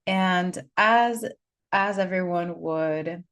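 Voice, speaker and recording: A woman in her thirties, a spiritual guide, telling her story in an unscripted, chatty way with lots of "like," and leading slow breathing cues. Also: lowish voice, a bit bright, clean tone. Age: 30s. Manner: chatty, filler-heavy, frequent "like". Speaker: spiritual guide and energy healer.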